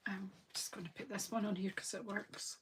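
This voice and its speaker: A woman's voice: mid-range voice, level tone, brisk, noisy background. A woman from Scotland, a craft demonstrator, chatting casually and thinking aloud as she works through a live crafting session.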